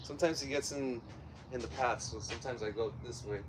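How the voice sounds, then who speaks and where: A man's voice: medium pitch, fairly quick, noisy background. A man with a Southern Californian accent hosting a casual live-stream workout from home, chatting with viewers and telling off his puppy between sets. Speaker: fitness livestream host. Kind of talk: casual live-stream chat while exercising.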